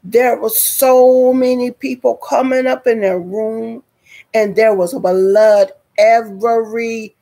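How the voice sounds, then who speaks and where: A woman's voice: a little high, steady tone, slow, warm tone. A woman telling a dramatic personal story to her viewers in a storytime vlog, speaking directly to them. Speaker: vlogger.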